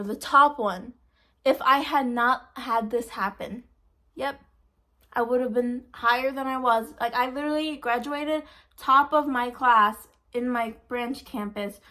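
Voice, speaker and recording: Young woman vlogging a storytime, high bright voice, chatty and fed up, phone mic. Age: 20s. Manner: chatty, exasperated, fast retelling with quoted voices. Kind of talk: casual storytime. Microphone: phone camera.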